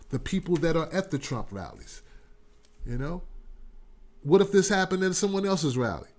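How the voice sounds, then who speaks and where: A man's voice: a little high, a little mellow. A man hosting a call-in commentary show, talking loose and slangy straight to his audience. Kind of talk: casual talk-show commentary.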